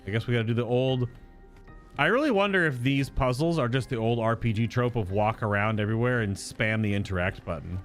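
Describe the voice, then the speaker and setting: A man's voice: mid-range voice, fairly quick, faint music behind. A man giving casual, playful commentary while playing through a video game, joking and thinking aloud as he explores. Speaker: let's play host.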